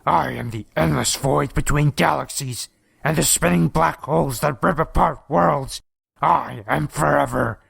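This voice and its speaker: A man voicing a hideous shape-shifting monster who speaks in a slow, gurgling, raspy Texas drawl. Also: fairly high pitch, a bit bright, no room sound, full character voice. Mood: menacing.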